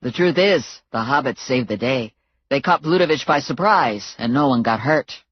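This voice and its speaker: A steady, capable security man, as a woman narrator plays him explains things in a low, even voice. Nothing rushes him. The recording is dry and slightly muffled. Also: husky, no echo, heavily acted. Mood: calm. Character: calm, capable male security expert.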